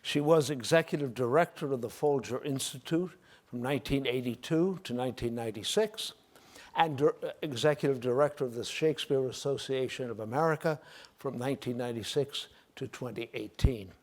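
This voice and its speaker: A man's voice: medium pitch, a little mellow. Man formally introducing a speaker. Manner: measured, reading a biography. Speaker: panel moderator.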